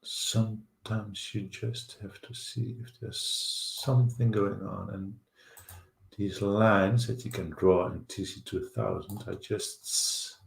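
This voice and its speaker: Low, slow Dutch-accented man. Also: fairly even intonation, gravelly, roomy sound. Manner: thinks aloud, halting with fillers. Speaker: stock market show host. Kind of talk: live trading chart commentary.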